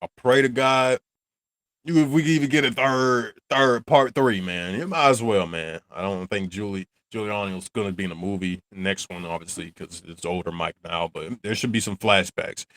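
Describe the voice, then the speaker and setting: A man's voice: on the low side, moderate pace, a bit bright, dry recording, studio quality. A man who hosts a reaction channel, talking casually and animatedly, rambling and laughing often. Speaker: channel host reacting to a film.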